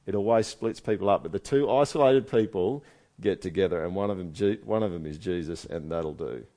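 A man's voice: low-pitched, fairly quick, dark tone. A man preaching a sermon in a conversational way, asking his listeners one rhetorical question after another. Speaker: pastor.

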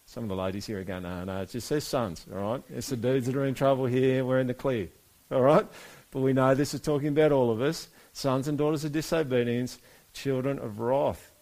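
A man's voice: mid-range voice, steady tone, a little fast, darkish tone. A man preaching a sermon in a church, talking casually and throwing direct questions at the congregation. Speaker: pastor.

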